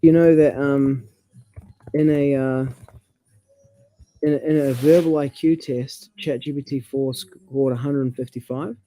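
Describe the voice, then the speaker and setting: A man, chatting casually about language and reading passages aloud with halting restarts. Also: medium pitch, fairly even intonation, dark tone, a little hiss or hum.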